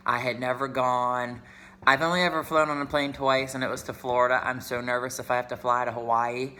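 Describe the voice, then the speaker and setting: A man's voice: mid-range voice, steady tone, fairly quick, sharp tone. A chatty, emotional man from Pittsburgh, talking casually in a vlog and mixing in Spanish words. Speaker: vlogger.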